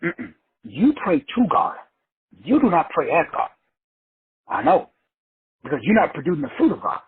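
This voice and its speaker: Casting: high, husky-voiced man from Texas, slangy motivational preacher, lo-fi call audio. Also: sing-song, moderate pace. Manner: emphatic, repetitive, slangy and profane. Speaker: teacher leading an online call. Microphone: online call. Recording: phone-like lo-fi audio.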